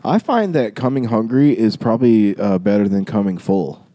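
A man's voice: fairly low pitch, lively intonation, moderate pace, warm tone. A man co-hosting a comedy podcast, drawling through self-deprecating jokes and bursting into laughter. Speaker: podcast co-host. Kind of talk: casual comedic banter.

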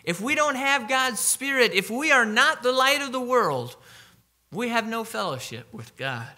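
A man preaching a sermon, emphatic, slowing down to read scripture aloud. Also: very high voice, sing-song, sharp tone.

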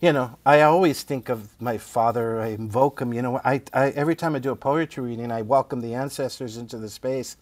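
The middle-aged playwright guest talks fairly quickly at medium pitch with few pauses, recorded without echo. He tells stories animatedly in casual conversation, laughing often and asking "right?".

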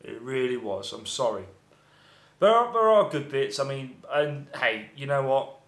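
A man's voice: mid-range voice, expressive, measured pace, a bit bright. A man giving a rambling, profanity-laced film review, often exasperated. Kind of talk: casual ranting film review. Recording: echoey room.

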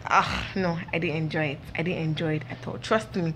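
A woman's voice: low-pitched, fairly even intonation, fairly quick, fairly bright tone, slight background noise. A young woman, chatting and gossiping casually to her viewers with lots of fillers. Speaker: vlog host. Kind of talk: casual chat to camera.

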